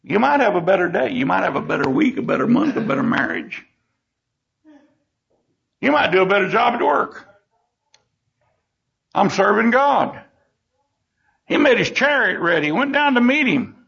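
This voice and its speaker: Folksy older preacher, gravelly. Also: male voice, high voice, big pitch swings, moderate pace, long pauses, a bit bright. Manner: folksy, emotional, acts out scenes. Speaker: Bible teacher. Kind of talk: Bible lesson. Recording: dull lo-fi recording.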